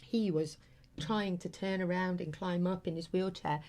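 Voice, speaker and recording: A woman's voice: lowish voice, fairly even intonation, moderate pace, a little mellow. A middle-aged woman hosting a talk show, telling an emotional story in an earnest, casual way with many fillers.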